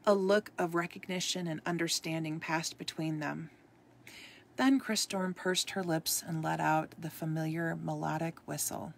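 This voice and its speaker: Gravelly, low-voiced woman reading a story. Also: a little hiss or hum. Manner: expressive read-aloud, occasional stumbles. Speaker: storybook reader. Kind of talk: reading a ghost story aloud.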